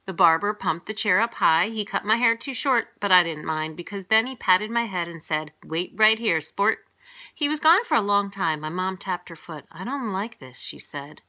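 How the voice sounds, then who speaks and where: A middle-aged woman reading a picture book aloud to young children in a lively way, jumping up in pitch for the characters' lines. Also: normal speed, hardly any pauses. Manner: lively, voices characters with big pitch jumps.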